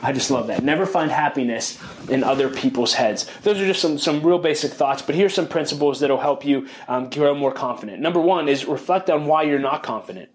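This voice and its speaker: A man's voice: a little high, expressive, fairly quick, hardly any pauses. A man hosting a podcast, speaking earnestly and reflectively in a monologue about lessons he learned, often restarting and repeating key phrases. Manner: openly emotional, calls himself sensitive. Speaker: podcast host.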